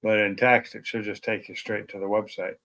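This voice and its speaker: A man's voice: on the low side, little pitch movement, a little fast, a bit bright. A man chatting casually with viewers on his live stream from home, rambling and poking fun at himself. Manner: rambling, chatty, self-deprecating. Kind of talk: casual chat. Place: at home at night.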